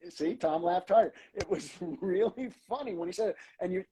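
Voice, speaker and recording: A man, a comedy writer, telling behind-the-scenes stories in a lively way, acting out lines as he goes. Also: high-pitched, brisk, slightly rough, rough recording. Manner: animated, acts out lines in quoted voices. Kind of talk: anecdotal storytelling.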